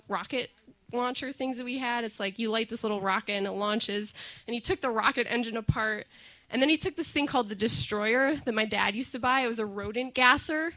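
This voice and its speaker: A woman in her thirties telling a personal story to an audience, animated and acting out the voices she quotes. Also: on the high side.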